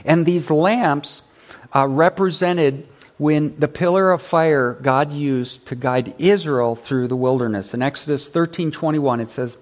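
A man's voice: fairly high pitch, unhurried. Man preaching an emphatic sermon. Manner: emphatic preaching with call-and-response asides. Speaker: pastor. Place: church sanctuary.

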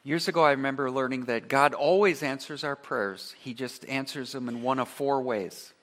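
A man preaching a sermon, earnest and emphatic, who leads his congregation in call-and-response and drops to a soft voice on key phrases. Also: medium pitch, moderate pace. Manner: earnest preaching, rising to emphatic repetition then dropping soft. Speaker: pastor.

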